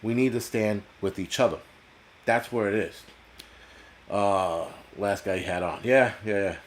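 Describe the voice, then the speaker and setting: A man's voice: lowish voice, unhurried. A man from the United States hosting a live stream, ranting bluntly and profanely as he answers chat. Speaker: host.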